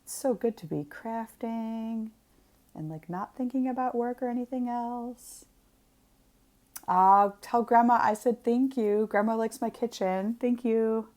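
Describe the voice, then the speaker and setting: A woman's voice: a little high, measured pace, a little mellow. Young woman, casual stream co-host, chatty and teasing. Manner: chatty and joking, greets viewers by name. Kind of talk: casual livestream chat.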